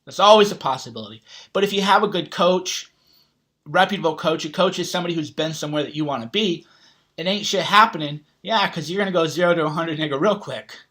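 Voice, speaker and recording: A man's voice: fairly high pitch, fast, bright, forceful tone. Blunt, foul-mouthed motivational man. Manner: blunt, heavy swearing, casual slang; rambling, with frequent "right?" asides. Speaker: self-help author and vlogger. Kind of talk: motivational talk to camera.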